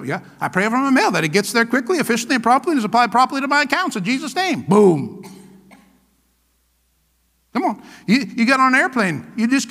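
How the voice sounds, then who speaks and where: High-voiced man preaching in an echoey hall. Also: creaky, sharp tone. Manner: emphatic call-and-response preaching. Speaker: pastor. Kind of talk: sermon.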